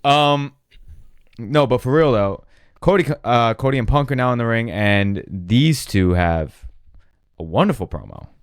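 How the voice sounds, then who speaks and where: A man's voice: mid-range voice, animated, a little slow, smooth, dry recording, clean studio sound. A man co-hosting a podcast in casual chat, making wry, sarcastic asides. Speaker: podcast co-host.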